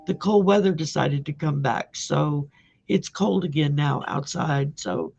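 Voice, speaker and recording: Hoarse, gravelly Cajun woman host. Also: sits low, a little slow, a little mellow, muffled recording. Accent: Louisiana Cajun. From Louisiana. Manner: chatty, rambling, laughs often. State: hoarse from a sore throat. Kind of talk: casual chat on a live video call.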